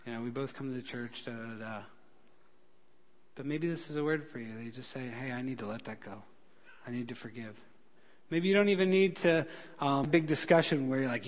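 A male pastor preaching a sermon, telling stories with feeling, rising loud for emphasis and dropping soft when he pleads. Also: medium pitch, brisk. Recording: long hall reverb.

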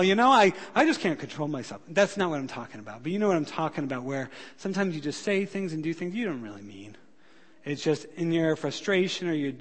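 A male pastor preaching a sermon, telling stories with feeling, rising loud for emphasis and dropping soft when he pleads. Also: fairly high pitch. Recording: long hall reverb.

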